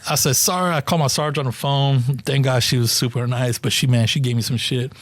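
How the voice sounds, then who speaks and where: A man's voice: mid-range voice, fast talker, no room sound. A middle-aged man from Kansas City, a police officer telling stories in a casual podcast chat, acting out quotes and peppering his talk with "man" and "bro". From Kansas City, USA. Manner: animated storyteller, acts out quotes, says "man" and "bro" a lot.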